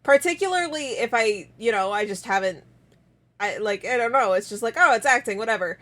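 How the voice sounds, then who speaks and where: An American woman streamer chatting casually with her viewers, rambling and halting and breaking into frequent laughs, still recovering from a week-long illness. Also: a little high. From United States. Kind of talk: casual chat with chat.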